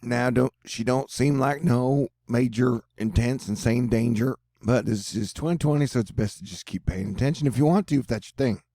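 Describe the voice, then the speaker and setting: A man's voice: medium pitch, moderate pace, hardly any pauses, mellow, no echo, studio quality. A man with a Texan accent hosting casual storm-tracking commentary over forecast maps, rambling with offbeat jokes. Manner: joking, rambling, offbeat asides. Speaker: weather video host.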